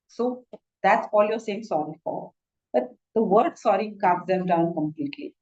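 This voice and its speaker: A woman's voice: medium pitch, normal speed, a little mellow, highs cut off. A woman doctor with an Indian English accent giving an instructive lecture, often saying "you know" and restarting her sentences. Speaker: doctor teaching a masterclass.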